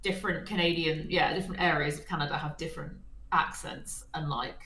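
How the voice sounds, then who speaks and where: A woman's voice: low voice, steady tone, a little fast, bright, forceful tone, far from the mic. A woman with a London accent co-hosting a game stream, talking thoughtfully with many fillers. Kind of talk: casual chat. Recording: roomy, with faint game music.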